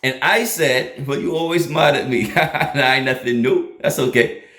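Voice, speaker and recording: A man's voice: medium pitch, measured pace, fairly bright tone. A man, telling a personal story to his online audience, often laughing and repeating lines for emphasis. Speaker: host of a faith channel. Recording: echoey room.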